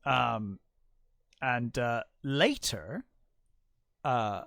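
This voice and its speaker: A man's voice: medium pitch, lively intonation, extremely slow, vocal fry, fairly bright tone, smooth, no echo, studio quality. A man co-hosting a casual film podcast, rambling through a plot retelling with lots of fillers and acted quotes. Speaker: podcast co-host.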